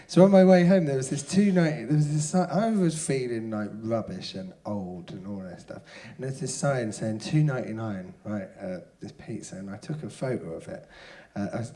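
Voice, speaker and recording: A man's voice: medium pitch, warm tone. A man in his thirties telling a rambling, self-deprecating comic story as a podcast guest, swearing freely. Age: 30s. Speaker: comedian guest.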